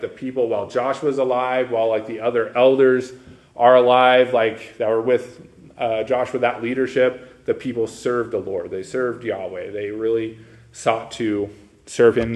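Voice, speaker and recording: A man teaching a Bible class in a casual lecture style. He peppers his talk with "like" and "right?", and reads verses aloud before explaining them. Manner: conversational, lots of "like" and "right?" check-ins; animated, pitch jumping up on questions.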